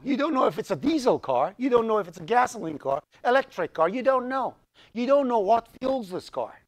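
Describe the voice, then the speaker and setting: A middle-aged man who grew up speaking Azerbaijani, teaching a college programming class in a lively, joking way and putting questions to the students. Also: high-pitched. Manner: lively, asks the class questions, jokes around. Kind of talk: live classroom lecture.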